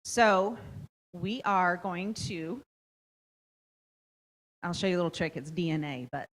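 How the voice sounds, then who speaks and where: Low-voiced woman teaching parents. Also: slow pace, low-quality recording. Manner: explanatory, often checks in with "okay?". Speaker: parenting workshop presenter. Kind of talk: instructional presentation.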